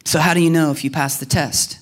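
Guy preaching a sermon, kinda high voice, acts out the prayers, goes real quiet sometimes. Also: brisk. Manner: animated, acts out prayers and quotes with swings in pitch and loudness. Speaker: pastor.

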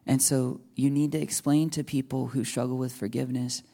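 A man preaching an earnest, tender sermon, often dropping to hushed near-whispers. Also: medium pitch, level tone, a little fast, creaky. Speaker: pastor.

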